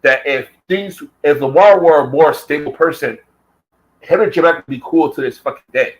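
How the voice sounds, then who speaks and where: In a roughly recorded casual vlog, a man with a slightly high voice rants heatedly at normal speed. He swears constantly and repeats himself for emphasis.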